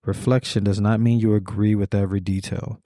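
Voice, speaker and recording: A middle-aged man with a fairly low, warm, dark-toned voice delivers a reflective podcast monologue. His cadence is measured and deliberate, with repetitive phrasing and slow emphatic pauses. The sound is dry and close, as if from a studio mic. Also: little pitch movement, dry recording. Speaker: podcast host.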